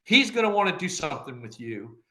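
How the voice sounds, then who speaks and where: Animated older man telling stories. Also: a little high, brisk. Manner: animated storyteller who acts out quoted dialogue, laughing often. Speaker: former agency director, podcast guest. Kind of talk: anecdotal interview storytelling.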